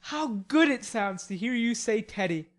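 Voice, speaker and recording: A woman's voice: on the high side, expressive, a little slow, voice pushed up. A woman voicing a playful, mischievous young man in an audiobook reading, speaking in a teasing, cheerful way. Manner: teasing, cheerful, mock-penitent.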